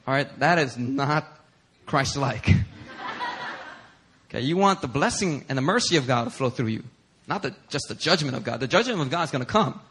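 A male pastor preaching a sermon in a church, telling stories in an animated, conversational way. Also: medium pitch, normal speed, a little hiss or hum. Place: church sanctuary.

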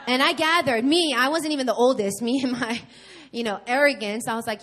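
A woman from New York preaching a sermon at a church service, telling her own story in a candid, animated way with emphatic repetition. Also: on the high side, fairly quick, slight background noise. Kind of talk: sermon with personal testimony.

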